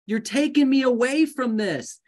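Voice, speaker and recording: A man coaching a live group of real estate agents in a lively, joking way, often acting out conversations. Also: extremely high pitch, measured pace. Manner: animated, jokey, acts out conversations.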